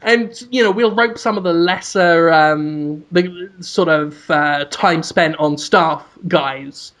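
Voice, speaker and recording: A man co-hosting a podcast, telling a sweary comic story with shouted mock proclamations. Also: fairly high pitch, takes it slowly. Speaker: podcast co-host. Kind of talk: casual comedic storytelling.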